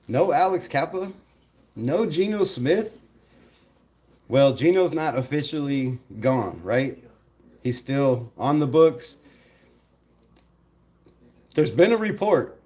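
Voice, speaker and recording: A man hosting a casual live stream, animated, laughing often and talking to his chat. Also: fairly high pitch.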